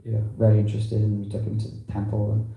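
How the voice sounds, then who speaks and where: A man's voice: on the low side, monotone, fast, mellow, soft background music. A man giving an informal, rambling talk to a temple congregation, full of "you know" and loose asides. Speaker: visiting preacher. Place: temple hall. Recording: echoey temple hall.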